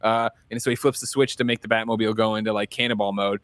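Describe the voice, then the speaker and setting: A man in his thirties talks through a movie plot at a fast clip, swearing casually and slipping into quick impressions of the characters. His voice is recorded close and dry, with no room sound around it. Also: fairly low pitch, steady tone, fairly bright tone, dry recording. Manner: swears casually, acts out characters' lines while retelling scenes. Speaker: podcast co-host. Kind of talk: casual movie recap chat. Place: home setup, remote show.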